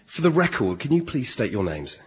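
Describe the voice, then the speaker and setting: A man's voice: medium pitch, very animated, brisk, natural voice. A man playing a dry, matter-of-fact witness protection officer in a radio comedy sketch.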